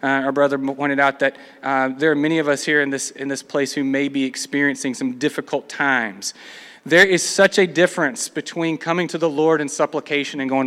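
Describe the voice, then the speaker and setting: A man's voice: on the high side, steady tone, fairly quick, a bit bright. A man preaching a sermon, reading scripture aloud and acting out the complaints of the people in between. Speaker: pastor. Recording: long hall reverb.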